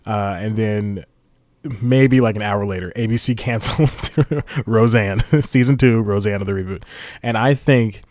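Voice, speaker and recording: A man's voice: on the low side, a little slow, darkish tone, no room sound, clean studio sound. A man hosting a casual solo podcast, rambling and laughing at his own jokes. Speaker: podcast host.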